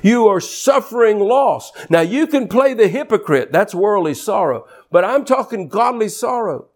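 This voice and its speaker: A man preaching a sermon with passion, repeating words as he builds a point and swinging from low, quiet stretches to high, rising emphasis. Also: expressive, moderate pace.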